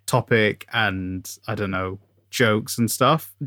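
A man co-hosting a podcast in casual chat, speaking haltingly with many pauses. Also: fairly low pitch, pushed and bright, no room sound, clean studio sound. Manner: halting, full of fillers and restarts. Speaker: podcast co-host.

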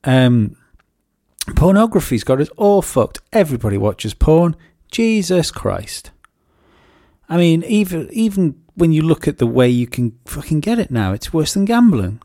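Bloke rambling and swearing on a podcast, dark mellow voice, dry close sound. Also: male voice, sing-song, measured pace, no room sound. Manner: rambling, sweary, jumps into high mocking voices when quoting people. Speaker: podcast co-host. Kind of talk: casual comedic chat.

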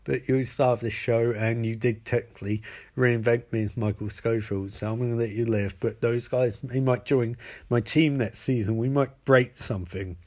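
A man voicing a smug male supervillain, talking low and quietly with halting restarts. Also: fairly even intonation, natural voice. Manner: mumbled, halting, lower and quieter.

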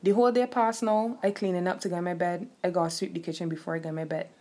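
Husky woman ranting with lilt. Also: steady tone, racing, a little mellow. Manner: heated, profane, dramatic pitch jumps when quoting herself. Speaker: streamer venting to viewers. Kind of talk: casual storytime rant.

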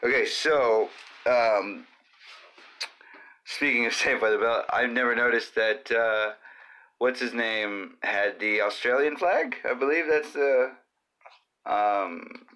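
A man's voice: mid-range voice, lively intonation, slow pace, pauses often, bright, forceful tone. A man hosting his own podcast alone, rambling casually with lots of fillers and talking to his cat in between. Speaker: podcast host. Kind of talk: casual solo podcast chat.

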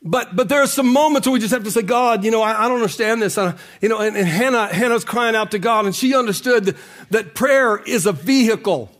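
A male pastor preaching a sermon, often breaking into a sung cadence and climbing to shouts. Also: sits high, lively intonation, brisk.

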